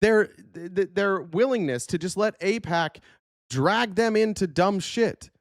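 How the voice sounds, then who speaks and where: A man's voice: high voice, a little slow, no room sound, clean studio sound. A man hosting a political talk show, giving angry, profane, blunt commentary. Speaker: show host.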